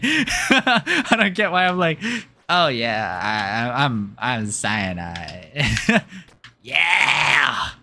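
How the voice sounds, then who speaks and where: Male streamer, casual chat during gameplay; rambling and giggly, with a bright voice. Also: sits high. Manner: rambling and giggly, with many fillers. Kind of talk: casual chat while playing a game.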